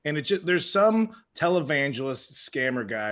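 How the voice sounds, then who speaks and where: A male podcast co-host in loose comedic chat, his voice sitting a little high. He rambles through anecdotes and laughs as he talks. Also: sing-song, moderate pace, fairly bright tone, faint music behind.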